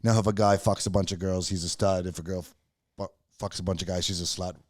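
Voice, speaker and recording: Earnest low-voiced man, stammering. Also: flat delivery, quick pace. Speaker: podcast co-host. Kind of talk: casual chat.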